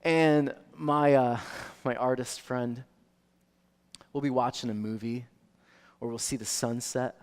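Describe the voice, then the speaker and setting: A male pastor preaching a sermon, animated storytelling that swings from soft to loud. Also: mid-range voice, takes it slowly, pauses often, clear, resonant tone. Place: church sanctuary. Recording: long reverb of a church hall.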